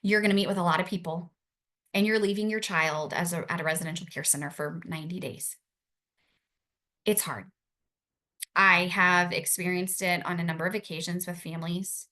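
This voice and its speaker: A young adult woman talks to worried parents in an earnest, reassuring way. Her voice sits on the low side. She leans on repeated phrases to drive each point home. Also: fairly even intonation, normal speed, pushed and bright. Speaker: family support speaker for parents. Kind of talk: talk to parents.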